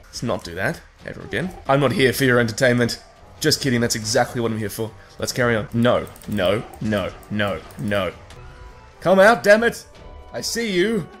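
A man's voice: fairly low pitch, fairly quick, a bit bright, faint music behind. A man hosting a let's play, giving sarcastic, swearing running commentary on a game as he plays it. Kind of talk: gameplay commentary.

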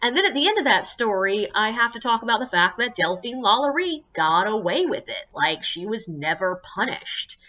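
Woman, tour guide, casual storyteller, sharp bright tone, slightly muffled recording, exasperated and swears. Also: moderate pace, hardly any pauses. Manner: animated, acts out guests in high squeaky voices.

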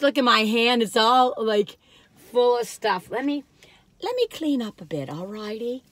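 A woman's voice: on the high side, animated, moderate pace, fairly bright tone. An older woman chatting to her viewers in a rambling, talkative vlog from her car, with many asides and fillers. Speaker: vlog host reviewing cookies.

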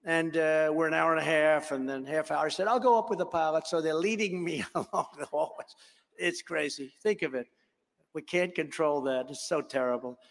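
A man's voice: on the high side, normal speed, gravelly, fairly bright tone. An older man giving a rambling, boastful speech to a conference crowd, acting out the dialogue in his anecdotes. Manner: conversational, boastful, acts out dialogue, digressive. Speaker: speaker at a political conference. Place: large hall. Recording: long hall reverb.

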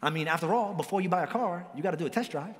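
A male pastor preaching a sermon in a lively, joking way, with big swings in pitch. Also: rapid-fire. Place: church hall. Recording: long church hall reverb.

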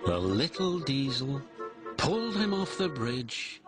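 Slow expressive male storybook narrator. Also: mid-range voice. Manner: expressive, dramatic. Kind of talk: storybook read-along narration. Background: music.

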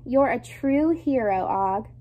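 A kind female schoolteacher speaks gently, as a woman reading aloud voices her. The voice stays fairly high and soft-spoken. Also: animated, slow pace, dull audio.

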